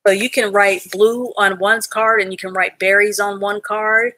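A woman's voice: mid-range voice, flat delivery, moderate pace, bright, forceful tone, no room sound. A woman teaching an adult reading class live online, patiently sounding out letters and words and praising learners from the chat.

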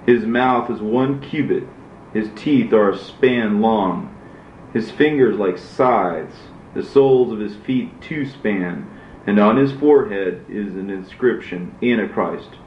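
A man voicing God as a stern male divine judge, in a measured, solemn reading. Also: lowish voice, a little hiss or hum, natural voice. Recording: roomy, dull lo-fi recording.

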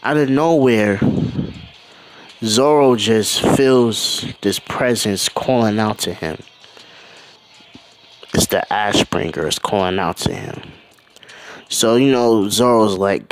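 A man casually telling a fan-fiction story in a loose, animated, rambling way. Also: lowish voice, takes it slowly, long pauses. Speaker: channel host.

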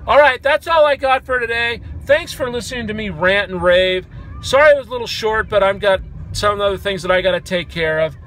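Angry, high-pitched ranting American man. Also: expressive, a little fast, a little hiss or hum. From United States. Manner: angry, sarcastic, loud outbursts. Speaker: vlogger. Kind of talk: ranting commentary.

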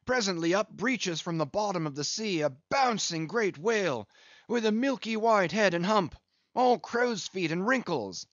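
A man's voice: sits high, lively intonation, normal speed, a bit bright, no echo, dull audio, voice pushed up. A man doing a hearty yarn-spinning whaling captain. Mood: storytelling. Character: hearty good-humoured whaling captain, talkative.

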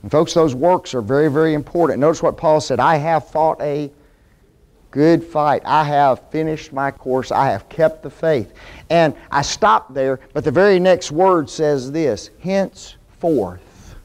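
A man's voice: fairly high pitch, a little slow. Folksy man preaching, asking questions. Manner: asks the class questions, folksy and animated. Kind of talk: sermon, Bible class teaching. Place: church classroom.

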